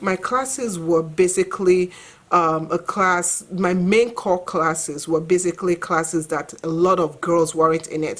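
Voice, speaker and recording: A woman, earnestly telling her own story to camera in a casual vlog. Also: fairly low pitch. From Nigeria. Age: 40s. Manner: reflective, earnest, conversational with fillers. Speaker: vlogger and mother.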